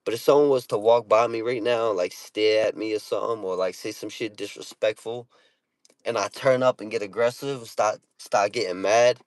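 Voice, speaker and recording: Recorded dry, his lowish voice holds a steady tone at normal speed as he speaks to camera from a parked car. He's a Boston-area vlogger from Massachusetts with a Boston accent, brash and profane, full of street slang and repeated "you know what I'm saying."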